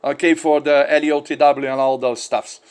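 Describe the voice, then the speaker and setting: A man's voice: a little high, steady tone, normal speed, clear, resonant tone. A Brazilian man with a Brazilian Portuguese accent, a ham radio operator chatting and spelling call signs in friendly, repetitive English. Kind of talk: amateur radio contact over satellite.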